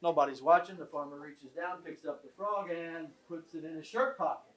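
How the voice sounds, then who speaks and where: A man's voice: a little high, normal speed. An older man from southern Illinois giving a folksy, joking speech at a tribute event in an event room. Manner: folksy, joking, self-deprecating. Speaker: guest speaker at a tribute event. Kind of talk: after-dinner speech with jokes and stories.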